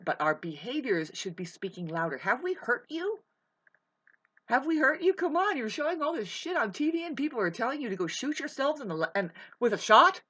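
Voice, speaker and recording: A woman rambling through a profane astrology monologue, drifting from quiet musing into loud outbursts. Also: medium pitch. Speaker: vlogger.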